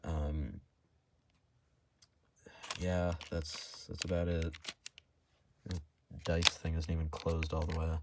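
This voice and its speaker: A young man talking casually while opening trading card packs, in a monotone voice that stalls and restarts often. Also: a bass voice, slow pace, long pauses, noisy background. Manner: monotone, hesitant with many restarts. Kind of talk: casual unboxing vlog.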